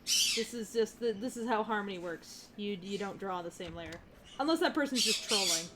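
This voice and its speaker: A woman hosting a casual livestream while drawing, chatty and quick to laugh, reading viewer questions aloud. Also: medium pitch, animated, a bit bright, slight background noise. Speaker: livestream host drawing on stream.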